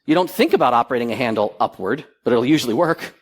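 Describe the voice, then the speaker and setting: Speaking fast in a mid-range voice, a middle-aged man tells animated stories at a security conference. Before an audience in the hall, he performs the dialogue within his anecdotes during this lively talk.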